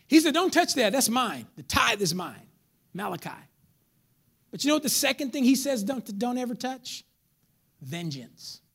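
Animated, high-pitched preaching pastor man. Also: slightly rough. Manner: animated preacher, acts out congregants, jokes with crowd. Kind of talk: lively sermon. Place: church.

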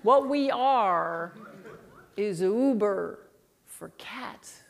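An impatient male startup boss who talks down to his listener, slow and a little quieter, as a woman speaker puts him on in her story. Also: mid-range voice, lightly acted. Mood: condescending.

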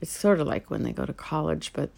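A middle-aged woman painter talking casually to herself as she sets up, rambling and halting with many fillers, sometimes dropping to a soft whisper. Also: sits low, vocal fry. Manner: drops to a soft whisper now and then. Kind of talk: casual spoken vlog while setting up to paint.

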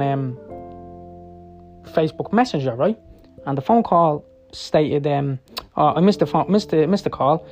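A man's voice: a little high, darkish tone. A man, telling a personal story in a candid, rambling, profane way and checking in with his listener often. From Ireland. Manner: candid, rambling and profane, with frequent "yeah?" and "right?".

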